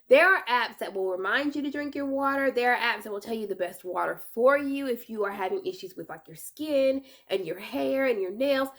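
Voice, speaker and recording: A young woman giving casual advice in a chatty, animated vlog, correcting herself with playful asides. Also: on the high side. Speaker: vlogger.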